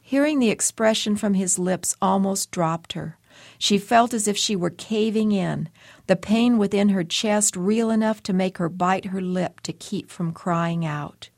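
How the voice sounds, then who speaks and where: Woman reading a story, measured and quiet, dry close sound. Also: medium pitch, creaky, no room sound. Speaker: story reader. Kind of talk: literary fiction reading.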